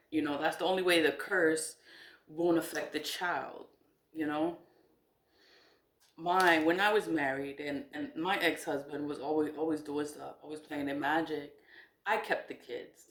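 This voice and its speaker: Low-voiced woman in an echoey room. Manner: animated, swearing, laughs often. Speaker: spiritual product seller. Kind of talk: casual spiritual vlog talk.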